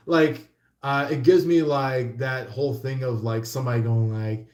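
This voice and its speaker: A man's voice: medium pitch, fairly even intonation, a little slow, a little mellow, roomy sound. A man doing a casual tarot reading who rambles with lots of fillers and acts out little quotes. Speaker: tarot reader.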